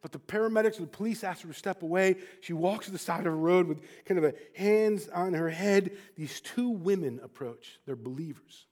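Guy preaching, high voice, goes quiet then fired up telling a story. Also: fairly quick, hardly any pauses. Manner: wide swings from hushed to impassioned. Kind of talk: sermon storytelling.

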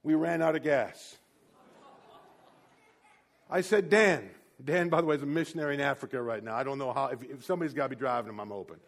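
A man preaching a sermon, telling a personal story with big swings between loud, emphatic peaks and quiet asides. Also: medium pitch, fairly quick, vocal fry, pauses often, a faint crowd. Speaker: pastor.

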